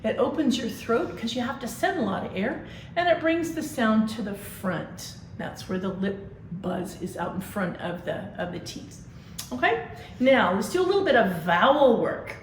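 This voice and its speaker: A woman leading a vocal warm-up, giving brisk, encouraging instructions and singing exercise syllables. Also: on the high side, expressive. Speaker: vocal coach. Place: large convention hall. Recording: echoey hall, faint noise.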